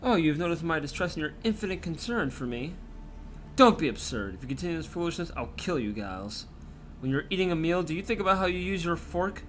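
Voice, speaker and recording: A man's voice: on the high side, animated, brisk, a bit bright, a little hiss or hum. A man voicing a cruel, vengeful woman, a fallen saint, reading her game lines aloud in a sneering, theatrical way. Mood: scornful. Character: cruel vengeful dark female saint, mocking and gloating.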